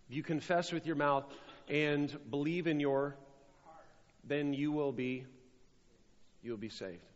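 A man preaching a sermon as a pastor, stressing and repeating key phrases. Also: fairly high pitch. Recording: dull sound with long hall reverb.

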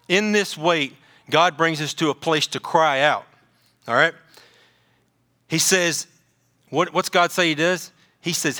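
Male pastor, bright and a bit high, lively sermon with jokes. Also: a little slow, long pauses. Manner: animated, repeats words, joking asides.

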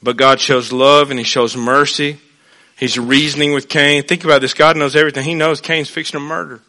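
A man preaching a sermon in a folksy way, dropping to hushed asides and rising to loud, emphatic points. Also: fairly high pitch, level tone, fairly quick.

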